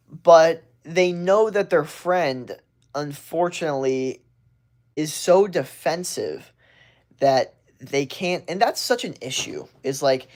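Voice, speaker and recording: A man hosting a casual livestream, ranting bluntly with plenty of swearing and restarts, and acting out what other people say in a higher voice. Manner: blunt and profane, rambling with restarts. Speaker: livestream host.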